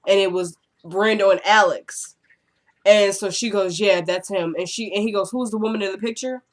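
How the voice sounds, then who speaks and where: Speaking at a medium pitch, a woman recaps a TV episode in a chatty way. She voices the characters' lines in rapid quotes and throws in exasperated asides.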